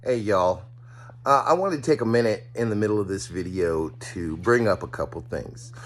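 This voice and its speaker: A man from Washington state hosting a casual off-road vlog, relaxed and chatty with plenty of fillers, recorded on a phone in a vehicle outdoors. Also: lowish voice, normal speed, slight background noise. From Washington state, US Northwest. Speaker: vlog host. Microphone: phone camera. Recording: music playing underneath.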